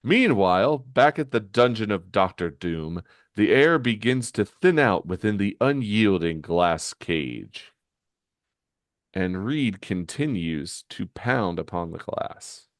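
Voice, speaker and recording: A man co-hosting a podcast, reading a comic aloud with animated, incredulous asides. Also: lowish voice, takes it slowly, dry recording, clean studio sound. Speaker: podcast co-host.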